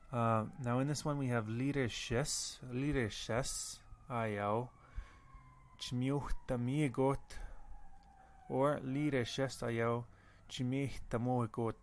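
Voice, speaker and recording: A man teaching a language lesson, slowly repeating words and pausing to think. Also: mid-range voice, slight background noise. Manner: slow, careful, repeats words with pauses. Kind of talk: recorded audio lesson.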